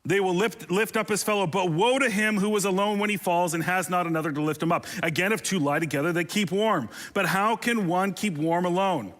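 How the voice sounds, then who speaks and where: Conversational preacher with a higher voice. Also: male voice, a little fast, few pauses, fairly bright tone. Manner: conversational and humorous, with playful asides; rises in pitch and intensity on emotional appeals. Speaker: pastor. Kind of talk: sermon.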